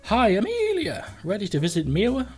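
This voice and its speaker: A man voicing a friendly male cat running for president, reading game text aloud with meows dropped in, lively in pitch over faint music. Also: fairly quick. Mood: earnest. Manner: reads cat meows flatly into his lines.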